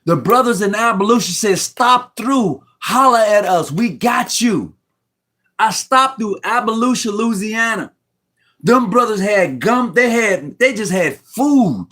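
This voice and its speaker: Middle-aged man, high voice, rambling and heartfelt, slangy, choked up at times, speaking over a video call from home. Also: animated, measured pace, pushed and bright. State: near tears. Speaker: Mason guest on a live stream. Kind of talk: emotional casual talk. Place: room at home.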